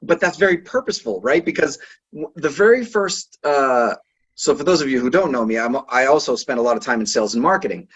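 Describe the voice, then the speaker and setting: A man's voice: mid-range voice, expressive, fairly quick, husky, lo-fi sound. A man from Boston, a consultant and podcast guest, chatting in a rambling way that keeps restarting and tagging "right?". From Boston, USA. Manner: rambling, self-interrupting, with frequent "right?" tags. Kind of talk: casual interview chat.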